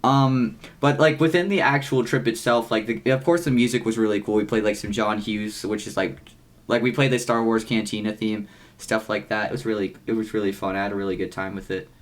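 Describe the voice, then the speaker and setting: Young man rambling through a story. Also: fairly quick. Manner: rambling, heavy use of "like", frequent swearing; animated, with jumps in pitch when excited. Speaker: podcast co-host. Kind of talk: casual storytelling chat.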